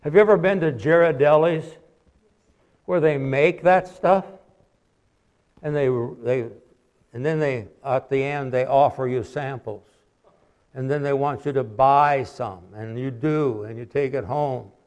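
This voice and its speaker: A man preaches an evening sermon in a friendly, conversational way. He tells homely stories and lets his points trail off softly. His voice sits at an ordinary middle pitch for a man. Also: steady tone, unhurried. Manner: folksy, conversational preaching with anecdotes. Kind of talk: sermon with storytelling.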